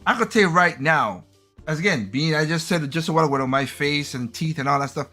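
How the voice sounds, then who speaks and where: Bright-voiced man in his thirties, rambling. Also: fairly high pitch, faint music behind. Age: 30s. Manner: laid-back, rambling, halting restarts. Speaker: podcast co-host. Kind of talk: casual podcast chat.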